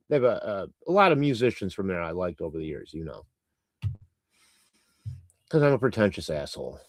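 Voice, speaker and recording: A man's voice: medium pitch, no echo, clean studio sound. A man hosting a live stream, chatting loosely and reading out viewer comments in a rambling, irreverent way with casual swearing. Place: lives in Canada.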